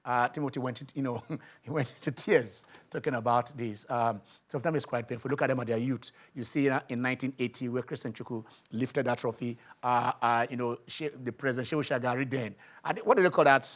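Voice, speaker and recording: A Nigerian man hosting a sports phone-in show, excitable and repetitive, often trailing off mid-sentence. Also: medium pitch, quick pace, lo-fi sound. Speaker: sports talk show host. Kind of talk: animated phone-in sports talk.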